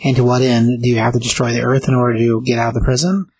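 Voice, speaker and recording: Gravelly raspy man musing aloud. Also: mid-range voice, level tone, quick pace, a little mellow, poor audio. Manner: musing, unsure, thinking aloud. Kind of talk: casual chat about a comic.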